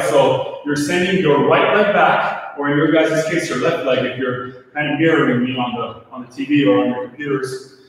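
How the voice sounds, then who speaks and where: A man leading a home workout, counting reps and calling out brisk motivating cues while he exercises. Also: a little high. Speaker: fitness instructor. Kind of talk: live home workout coaching. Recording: echoey room, distant from mic.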